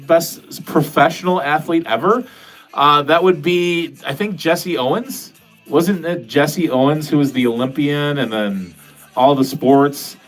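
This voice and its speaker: Guy rambling on his livestream from the basement, cursing and joking at himself, faint music in the back. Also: fairly high pitch. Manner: rambling, profane, self-deprecating. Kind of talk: casual livestream chat, reading out comments. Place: home basement.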